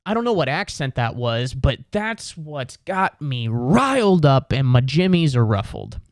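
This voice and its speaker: A man's voice: fairly high pitch, sing-song, unhurried, dry recording, studio quality. A young man hosting a comedy podcast, ranting in an exasperated, sarcastic way, swearing and slipping into put-on voices. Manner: jumps into put-on voices for quoted people. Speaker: podcast host. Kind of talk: comedic rant.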